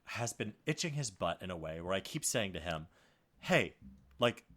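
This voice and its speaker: Podcast co-host, man, bright voice, swings widely in pitch while acting out the people in his story. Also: normal speed. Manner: animated, acts out quoted dialogue. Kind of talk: casual storytelling chat.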